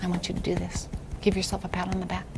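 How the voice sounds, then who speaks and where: A woman demonstrating a reading lesson with a young child, speaking slowly and encouragingly, often softly or in a whisper. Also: lowish voice, completely flat delivery, noisy background. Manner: patient, slow, encouraging, drops to soft whispers. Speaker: reading tutor trainer.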